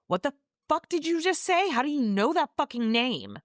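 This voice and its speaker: A woman's voice: deep voice, big pitch swings, a little fast, fairly bright tone, clear, resonant tone, no echo, studio quality. A woman voicing a brooding, volatile grown man in a comic book recap, blunt and cursing. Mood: furious. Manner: blunt, cursing, then pleading.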